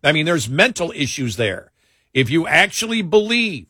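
Radio host, man from New York, bright and dry studio sound, rambling casual talk. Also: fairly high pitch, moderate pace, slightly rough, no echo. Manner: rambling, animated, mocks voices he quotes.

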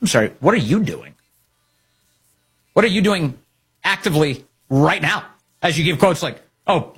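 A man's voice: a little high, big pitch swings, normal speed, long pauses, fairly bright tone, breathy edge. A man hosting opinionated political commentary, talking in a sarcastic, mocking way.

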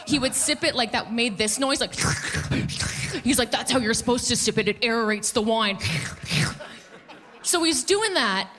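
A woman performing a stand-up comedy set before a live audience, quick and playful, mocking the people she quotes. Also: on the high side, fairly bright tone.

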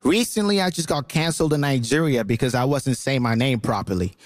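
A man's voice: mid-range voice, brisk, dry recording, clean studio sound. A man raised in Canada, arguing playfully as a comedian on a debate show. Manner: playful, conversational. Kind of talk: stand-up style argument.

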